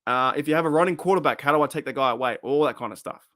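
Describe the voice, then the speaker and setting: A man's voice: mid-range voice, racing, fairly bright tone, no echo, clean studio sound. Rambling man in his thirties. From Australia. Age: 30s. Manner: rambling, repeats himself, swears casually. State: voice wearing thin. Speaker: livestream host. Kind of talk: casual livestream chat reading comments.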